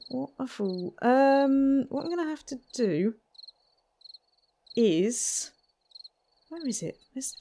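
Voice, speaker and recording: A woman talks through her gameplay in a chatty, self-deprecating ramble, laughing at herself often. Her voice sits on the higher side, and there is a faint hiss behind it. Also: dark tone. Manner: self-mocking, chatty, giggly. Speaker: gaming channel host. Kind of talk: let's play commentary.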